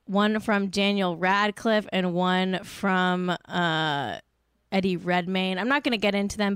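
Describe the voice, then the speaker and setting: A woman's voice: on the low side, a bit bright, clean tone, no room sound, studio quality. A young adult woman casually hosting a celebrity news stream, chatty and sarcastic, with asides and laughs. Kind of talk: casual chat reading news.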